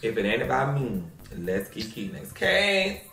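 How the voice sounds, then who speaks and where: Guy co-hosting a gossip show, drawly and animated, kinda gravelly, echoey room. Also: medium pitch, measured pace, distant mic, loud music behind the voice. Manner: animated, drawling, says "child" often. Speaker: co-host of a gossip reaction show. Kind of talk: casual gossip commentary.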